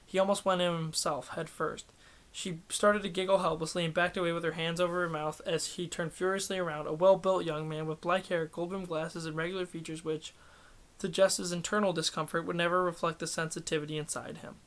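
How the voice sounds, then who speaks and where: This narrator's voice is pitched a bit above the typical male range. Reading a novel aloud, he keeps an even, relaxed pace and sometimes goes back to fix a slip.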